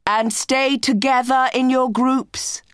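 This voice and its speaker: A woman's voice: sits high, fairly even intonation, takes it slowly, clear, resonant tone, dry recording, studio quality, voice pushed up. A woman doing a firm schoolteacher. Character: firm female teacher.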